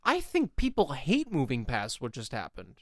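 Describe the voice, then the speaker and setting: A man's voice: mid-range voice, huge pitch swings, moderate pace, no room sound, studio quality. A young man co-hosting a casual podcast chat, teasing his friend and acting out imagined voices in asides. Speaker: podcast co-host.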